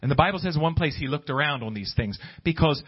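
A man's voice: fairly high pitch, lively intonation, fast talker, husky, muffled recording. A man preaching a sermon, often restarting his words and building in fervor. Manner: repetitive restarts, rising fervor.

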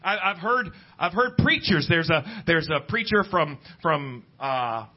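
Man preaching, husky voice, slightly high pitch, dull lo-fi recording, faint guitar behind. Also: lively intonation, measured pace. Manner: conversational preaching, pitch climbing when emphatic. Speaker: pastor. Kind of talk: sermon. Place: church service.

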